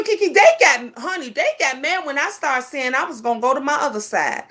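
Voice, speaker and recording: A middle-aged woman, telling a casual story to her viewers in an emphatic, animated way. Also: fairly high pitch. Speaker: vlogger.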